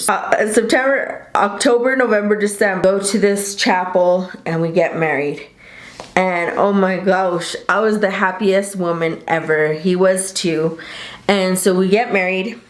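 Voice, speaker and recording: A woman in her thirties telling a rambling, chatty story to the camera, often correcting herself. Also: lowish voice. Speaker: vlogger. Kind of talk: casual storytime chat. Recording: roomy home recording.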